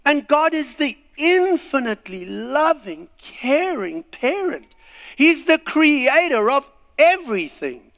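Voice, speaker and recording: A man's voice: extremely high pitch, big pitch swings, slow pace, fairly bright tone. A man preaching a sermon, acting out little scenes and voices as he goes. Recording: long hall reverb.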